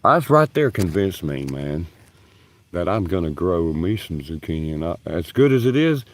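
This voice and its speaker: Rambling casually through stories on a livestream, this man, a union stagehand, swears, laughs, and drawls as he talks from his backyard. His voice sits low and is very animated at a moderate pace. The phone camera recording him rests close by.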